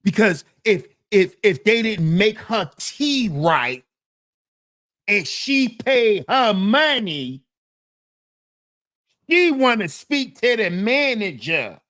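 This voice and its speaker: A man's voice: high voice, sing-song, slow, bright, forceful tone. A man hosting a commentary channel, talking in a casual, slang-heavy, emphatic way.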